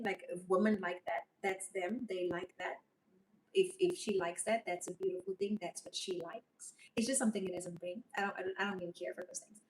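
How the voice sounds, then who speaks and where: A woman chatting on a livestream, rambling and emotional. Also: mid-range voice. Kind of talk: casual livestream chat reading comments. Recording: voice a bit far from mic, faint noise.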